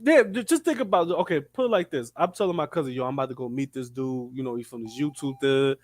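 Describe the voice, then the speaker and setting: A man in casual chat, telling an animated story and acting out what other people said. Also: medium pitch, fast. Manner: animated storytelling, acts out quotes. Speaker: guest storyteller.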